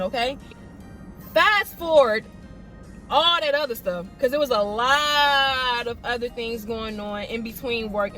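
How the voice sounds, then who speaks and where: High-voiced woman telling a lively story. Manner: animated storytelling, mimics others in quotes. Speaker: vlogger. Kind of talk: storytime vlog.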